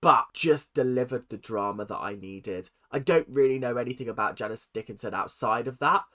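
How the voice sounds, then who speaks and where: A man's voice: medium pitch, a little fast, sharp tone. A British man chatting casually as he reacts to a show, laughing and mimicking lines he hears. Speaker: reaction video host.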